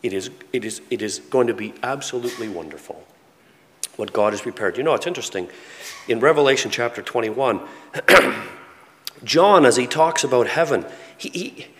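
A man preaching a sermon in earnest tones, often repeating words and dropping to a soft, hushed voice. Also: mid-range voice, lively intonation, normal speed. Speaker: pastor. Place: church sanctuary with a congregation. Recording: long reverb of a large hall.

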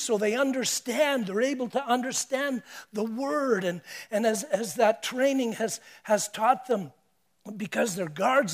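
A male preacher giving a sermon, emphatic, repeating his phrases and swinging between hushed and loud delivery. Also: high-pitched.

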